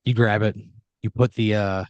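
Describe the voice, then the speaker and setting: A man's voice: lowish voice, steady tone, normal speed, no echo, lo-fi sound. Guy spinning an improv story, loose and rambling, dry close mic sound. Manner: rambling, loose narration with fillers, puts on voices for characters. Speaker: host. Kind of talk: improvised storytelling, narrating a scenario.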